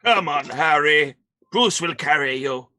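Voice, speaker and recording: A man's voice: on the high side, animated, unhurried, bright, forceful tone, slight background noise, heavily acted. A man voicing a brutish male warrior who speaks in simple, broken sentences about himself. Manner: simple broken speech, blustering.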